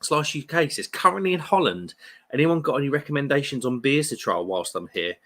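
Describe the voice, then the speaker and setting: A man's voice: mid-range voice, very animated, fairly quick, pushed and bright. A man in his thirties with a British accent, chatting casually on a beer live stream and reading viewer comments, jokey and friendly. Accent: British English. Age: 30s. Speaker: beer livestream host.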